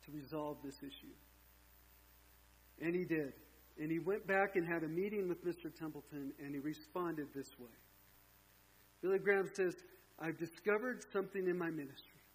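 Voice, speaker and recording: A man's voice: a little high, normal speed, long pauses, husky, low-quality recording. A man preaching a sermon as pastor, telling a story with casual asides to the congregation.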